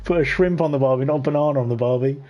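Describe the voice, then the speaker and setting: This is a man hosting a live online racing event. His voice sits at an ordinary mid pitch, and his talk is casual and rambling. He laughs often while calling the action. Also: very fast, muffled recording. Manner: laughs often while talking, loose and chatty. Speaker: host of an online racing league. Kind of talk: casual live race commentary.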